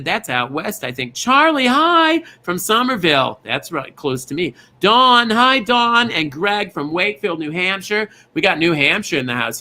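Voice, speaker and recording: A man's voice: sits high, bright, forceful tone. A man hosting an online bingo show, chatting as he greets viewers by name in a gushing, rambling way. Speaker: bingo game host. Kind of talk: live-streamed host greeting viewers.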